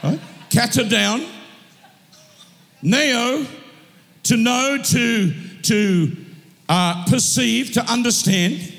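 A male pastor delivers a sermon in a high, gravelly voice. He stretches his words out slowly, then breaks into shouted declarations. His voice rings through a hall with a long reverb. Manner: impassioned, shouting declarations, then drawn-out teaching.

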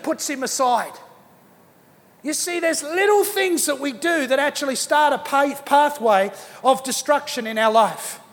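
Middle-aged male pastor, very high voice, emphatic sermon delivery, long hall reverb. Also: fairly bright tone. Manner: emphatic, repeats key phrases, acts out quoted people. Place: church auditorium.

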